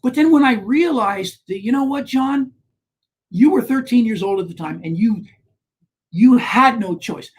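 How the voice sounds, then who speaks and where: A man, a guest on a talk show, telling a personal story in an animated way, with frequent restarts and rising emphasis. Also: very high-pitched, unhurried, husky. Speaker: guest, author on shame.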